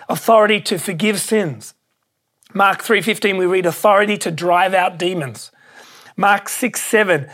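A pastor preaching a sermon, emphatic and excitable, repeating key phrases for weight. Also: medium pitch.

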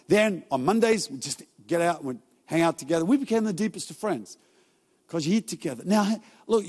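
Male pastor, fairly high voice, casual joking sermon delivery, recorded with long church-hall reverb. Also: a little mellow. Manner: casual, joking storytelling with quick asides.

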